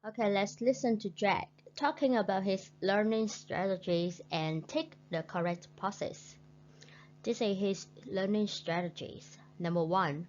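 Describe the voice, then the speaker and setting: A woman with a Vietnamese accent teaching English vocabulary, speaking slowly and carefully and repeating each word twice. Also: medium pitch, animated, a little mellow. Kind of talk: recorded online lesson. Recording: dull lo-fi sound with faint hum.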